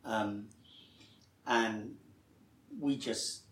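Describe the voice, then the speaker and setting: An actor being interviewed, telling stories with lively acted-out quotes and frequent laughter. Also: male voice, lowish voice, very slow, echoey room. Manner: animated storyteller, acts out quoted voices, laughs often. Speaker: actor guest. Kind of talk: anecdotal interview chat.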